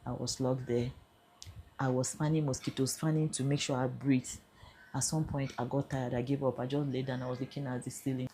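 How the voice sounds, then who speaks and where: Low-voiced Nigerian woman recounting an ordeal. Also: flat delivery, brisk, mellow, a little hiss or hum. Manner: earnest, shifts into Nigerian Pidgin. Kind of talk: emotional first-person account.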